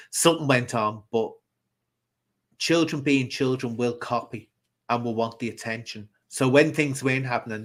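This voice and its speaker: Man from the UK, chatty live-stream host, opinionated, rambling, reads out comments, mid-pitched voice. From United Kingdom. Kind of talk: casual live-stream chat.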